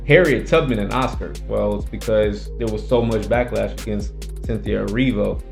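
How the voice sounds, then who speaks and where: A man's voice: fairly low pitch, normal speed, creaky, soft background music. A man hosting his own commentary channel, arguing his points emphatically and repeating them for stress. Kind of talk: opinionated casual commentary.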